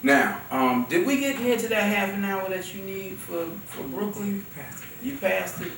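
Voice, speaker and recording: A man giving an informal religious talk, telling stories in an animated, conversational way with frequent chuckles. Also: sits high, measured pace, vocal fry. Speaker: religious teacher. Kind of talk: informal sermon with anecdotes. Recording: roomy distant recording, faint noise.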